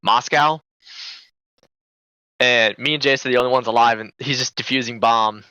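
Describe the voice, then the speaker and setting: A man with a bright, clear, resonant voice jokes about his own mistakes on a gaming podcast. His delivery is self-deprecating and casual. He sits close to a dry mic. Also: medium pitch, fairly even intonation, moderate pace, no room sound, rough recording. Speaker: esports team co-owner, podcast host.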